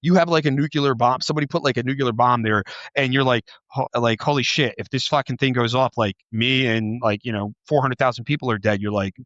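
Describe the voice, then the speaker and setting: A man hosting a casual podcast, rambling through stories with constant fillers and plenty of swearing. His voice sits at a middle pitch and sounds a little muffled and lo-fi. The room is dry, with no echo. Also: steady tone, brisk, fairly bright tone. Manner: rambling, heavy filler words, frequent swearing. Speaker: podcast host, former police officer. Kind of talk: casual podcast chat, storytelling.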